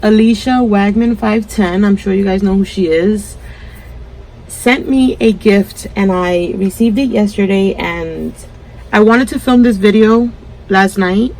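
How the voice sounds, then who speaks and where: A woman's voice: mid-range voice, a little slow, darkish tone, rough recording. Emotional woman thanking her viewers. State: close to tears. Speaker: crafting channel host. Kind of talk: casual vlog to camera.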